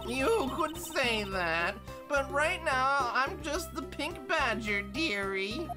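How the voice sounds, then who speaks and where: A woman voicing a whiny, elderly busybody woman in a drawn-out, nagging manner, reading game dialogue over game music. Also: high-pitched, animated, pitched above the performer's own voice. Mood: haughty.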